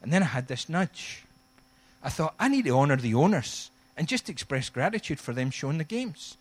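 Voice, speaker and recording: A middle-aged man preaching a sermon, telling a humorous story with animated, acted-out quotes. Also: fairly high pitch, moderate pace. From Scotland. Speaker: guest pastor.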